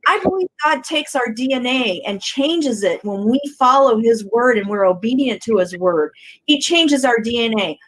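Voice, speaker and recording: Animated woman co-hosting a faith show. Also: on the high side, normal speed, poor audio. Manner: animated, acts out quoted voices. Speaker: co-host. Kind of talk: faith talk show chat.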